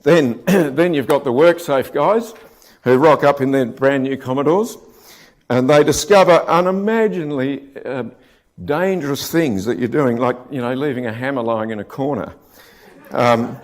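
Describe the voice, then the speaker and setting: A man's voice: medium pitch, normal speed. Wry Australian man telling a site story. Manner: wry, joking, with frequent restarts and throat-clearing. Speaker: conference speaker, rammed earth contractor. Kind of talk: anecdotal conference talk.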